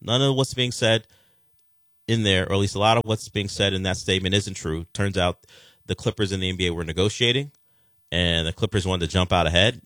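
Male sports show host with a deep voice, casual and wry, recorded dry. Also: a bit bright, no room sound. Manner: wry, sarcastic asides; conversational, with frequent fillers and restarts.

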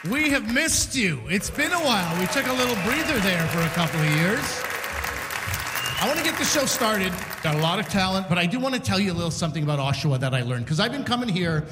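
A man hosting a live stand-up show, telling a story in a chatty, animated way with restarts and asides. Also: sits high, fast, a loud crowd, heavy background noise. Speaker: stand-up comedian and show host. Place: stage in a community center hall. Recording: roomy live hall reverb.

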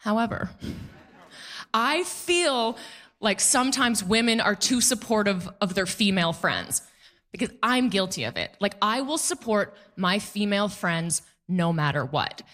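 A woman performing a stand-up comedy set before a live audience, quick and playful, mocking the people she quotes. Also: medium pitch, very animated, a bit bright.

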